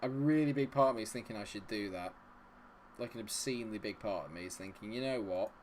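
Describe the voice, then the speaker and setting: Excitable man hosting a game livestream. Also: lowish voice, fast talker, slight background noise. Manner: excitable, cheers loudly at the game. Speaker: gaming livestream host. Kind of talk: live gameplay commentary and chat reading.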